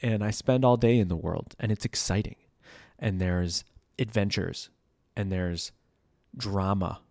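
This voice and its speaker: A man's voice: fairly low pitch, a little slow, creaky, darkish tone, no room sound, clean studio sound. A man in his thirties talking casually in a loose, rambling monologue, full of "like" and "you know", as a podcast host.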